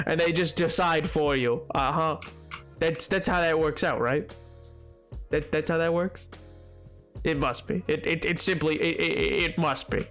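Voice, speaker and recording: A man's voice: on the high side, animated, a little slow, a bit bright, faint music behind. A man streaming a game, chatting casually with his viewers in a rambling, jokey way that keeps tripping over its own words. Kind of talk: casual live-stream chat.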